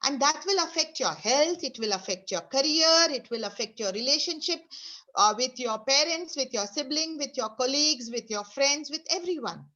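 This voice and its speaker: High-voiced woman leading an online workshop. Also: expressive, normal speed, bright, forceful tone, muffled recording. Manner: instructive, leads exercises with repeated commands. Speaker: speaker leading an online session. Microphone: video call.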